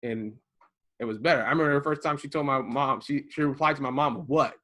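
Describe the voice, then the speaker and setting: A man co-hosting a casual podcast from his garage, telling stories with animated delivery and acting out the voices of people he quotes. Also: medium pitch, quick pace. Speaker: podcast co-host. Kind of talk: casual conversation. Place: home garage.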